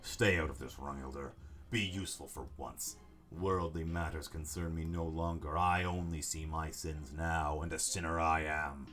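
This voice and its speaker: A man's voice: a bass voice, fairly even intonation, fairly bright tone, soft background music. A man voicing a mad old grandfather. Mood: menacing. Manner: slow, brooding, menacing. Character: old nobleman grandfather, zealous and going mad.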